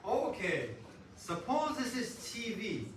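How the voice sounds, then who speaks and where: A man lecturing a university class in an animated way, putting questions to students and joking. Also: sits high, slow, recorded from a distance. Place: lecture hall. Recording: echoey hall, voice from afar, faint noise.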